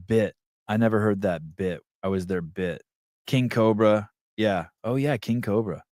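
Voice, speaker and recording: Low-voiced, rambling podcast host man. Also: a little slow, darkish tone, no echo, clean studio sound. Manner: rambling, profane, thinking aloud. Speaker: podcast host reading live chat. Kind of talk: casual livestream chat.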